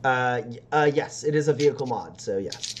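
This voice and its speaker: A man's voice: mid-range voice, normal speed, a little hiss or hum. A man running a tabletop game as game master, narrating in a rambling, filler-heavy way. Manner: rambling, many fillers, laughs often.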